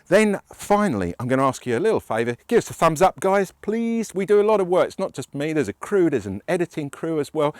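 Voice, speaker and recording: Male host, casual and jokey, animated delivery, dry close sound. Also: on the high side, no echo. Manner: chatty, enthusiastic, jokey. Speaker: car reviewer and channel host. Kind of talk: casual review to camera.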